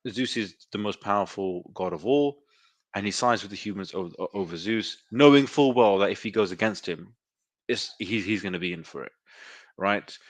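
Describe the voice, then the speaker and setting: A man's voice: lowish voice, moderate pace, no room sound. A man hosting an interview, speaking thoughtfully with hesitant fillers. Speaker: host. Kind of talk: conversational interview.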